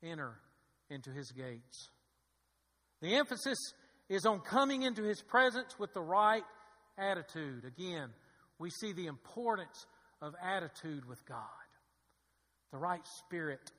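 Pastor, male, fervent sermon delivery, bright forceful tone, reverberant church sanctuary. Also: high voice, very animated, unhurried, long pauses. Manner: preaching with rising fervor and call-and-response asides. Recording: long hall reverb.

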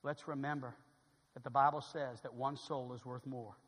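A man preaching a sermon in a church, dramatic and animated, acting out little scenes and swinging between loud exclamations and hushed asides. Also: medium pitch, moderate pace. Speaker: pastor. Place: church sanctuary. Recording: hall reverb.

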